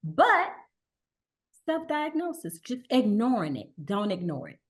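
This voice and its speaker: A middle-aged woman guest telling her story in a relaxed conversational way, acting out the voices of the people she quotes. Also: fairly high pitch, unhurried. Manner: animated, acts out quoted dialogue.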